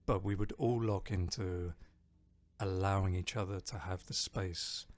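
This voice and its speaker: A man's voice: deep voice, steady tone, a little slow. A man chatting casually on a live stream, reading out viewer comments and rambling jokily about music. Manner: rambling, jokey, reads chat aloud. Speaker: streamer and band bassist.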